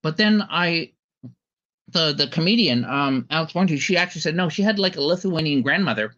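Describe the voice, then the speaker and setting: A man's voice: on the high side, lively intonation, fairly quick, bright, forceful tone. Male podcast host, rambling casual commentary, restarts often, slightly dull lo-fi recording. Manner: rambling, full of ums and restarts.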